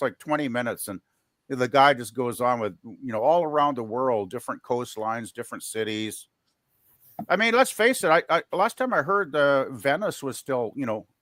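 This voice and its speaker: A man's voice: medium pitch, a bit bright, no echo. Rambling man on a dry mic. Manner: rambling, hesitant, restarts often. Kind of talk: casual chat.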